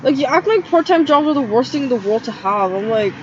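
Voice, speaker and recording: A woman's voice: high voice, lively intonation, fairly quick. A young woman rambling through a casual monologue, agitated and full of "like" fillers, recorded inside a tent. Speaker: vlogger. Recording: slightly dull lo-fi audio with faint background noise.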